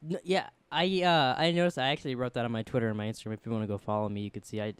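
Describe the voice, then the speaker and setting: A man's voice: mid-range voice, fairly even intonation, clean tone, no echo. A man co-hosting a podcast in casual chat, rambling and swearing with many restarts. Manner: fast rambling, profane banter with restarts. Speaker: podcast co-host.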